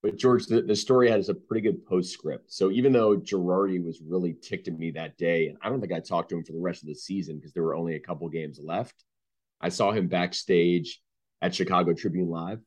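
Deep-voiced man telling sports anecdotes. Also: fairly quick. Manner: deep-voiced, animated, acts out quoted people. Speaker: sportswriter guest. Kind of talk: anecdotal storytelling.

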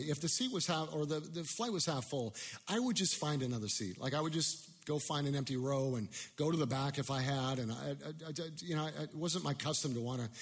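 A man's voice: medium pitch, breathy edge, long reverb tail. A man preaching a sermon, telling a personal story in a self-deprecating way with many restarts.

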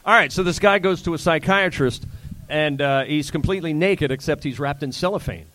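A man's voice: on the high side, a little fast, fairly bright tone, no echo. A man who hosts radio, telling a joke and making wry asides in casual chat. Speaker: radio host.

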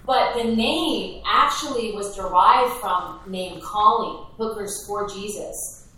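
A woman from Minnesota, a ministry founder, telling her story in an animated, emphatic way with repetitions. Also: mid-range voice, slow. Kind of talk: conversational interview. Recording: echoey, distant from mic.

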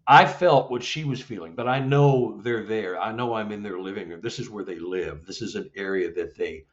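Animated storytelling man, muffled audio. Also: normal speed. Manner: animated, acts out dialogue with rising pitch. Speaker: Sasquatch investigator, guest. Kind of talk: storytelling in an interview. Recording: dull lo-fi audio.

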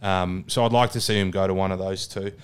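An Australian man co-hosts a podcast of casual rugby chat, blunt, sweary, and enthusiastic. His voice is low, clear, and resonant, with a steady tone and a slightly fast pace.

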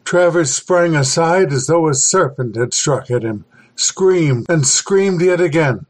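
A man reading a horror story aloud as the podcast host, slow and deliberate. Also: a little high, lively intonation, poor audio. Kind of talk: scripted horror narration.

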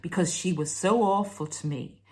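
A woman hosting a self-help video talks through relationship advice in a casual monologue, sometimes sarcastic and acting out mocking quoted voices. Her voice is lowish, husky and darkish, at a moderate pace.

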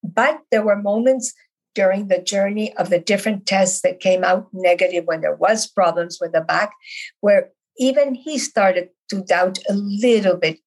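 A middle-aged Canadian woman appears as a podcast guest, earnestly sharing her story in a conversational interview and repeating words to stress her points. Her voice is medium-pitched and a little mellow, and the recording is rough.

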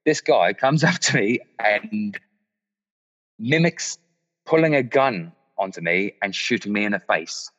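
A man's voice: lowish voice, lively intonation, measured pace, fairly bright tone. A man in his thirties, a guest musician telling a story in casual chat with a lot of laughing. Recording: muffled, echoey room.

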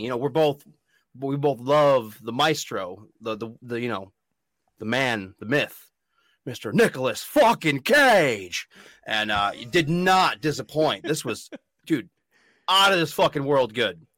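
A man's voice: mid-range voice, animated, a little slow, a bit bright, no echo, clean studio sound. A man hosting a casual podcast, laid-back and jokey with plenty of swearing, speaking into a podcast microphone. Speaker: podcast host.

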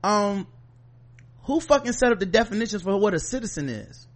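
A man co-hosting a podcast, ranting in casual chat, profane and animated, with mocking asides. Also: high voice, moderate pace. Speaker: podcast co-host.

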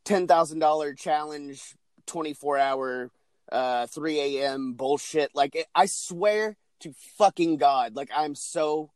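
A man's voice: on the high side, slow pace, darkish tone, dry recording. A man co-hosting a wrestling podcast, ranting in casual chat and swearing heavily. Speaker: podcast co-host.

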